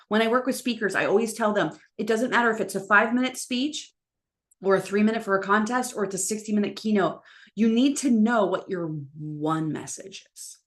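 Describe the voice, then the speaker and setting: A woman coaching public speakers in a live online session, talking emphatically and encouragingly. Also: medium pitch. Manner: energetic, acts out quoted lines in different voices.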